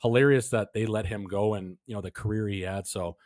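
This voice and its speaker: A man's voice: lowish voice, fairly even intonation, brisk, a little mellow, no echo. A man hosting a hockey podcast, joking and swearing in casual chat. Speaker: podcast host.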